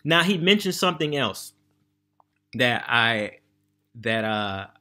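A man's voice: medium pitch, very animated, slow pace, bright, forceful tone. An American man vlogging about travel and money in an emphatic, conversational monologue, often checking in with his listeners. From United States. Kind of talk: casual monologue to camera.

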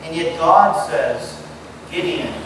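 A man's voice: a little high, measured pace. A male pastor preaching a conversational sermon and putting direct questions to his listeners. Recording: distant mic in a reverberant room with background noise.

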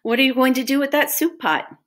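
An eager, naive little bunny boy , put on by a woman reading a storybook. His voice sits noticeably higher than the narration, and he sounds keen and innocent. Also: fairly even intonation, a little fast, close to an everyday voice.

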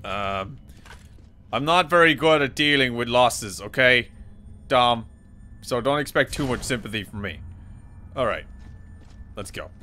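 An Irish man commentating as he plays a shooter game, excitable and swearing freely, often yelling at enemies. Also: medium pitch, unhurried, pauses often, a little hiss or hum. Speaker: streamer. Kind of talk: gameplay commentary.

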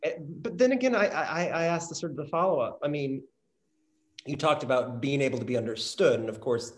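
A man's voice: a little high, brisk. A man hosting a conversational interview, rambling and correcting himself as he talks. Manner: rambling, self-correcting, laughs easily. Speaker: interview host and theatre teacher.

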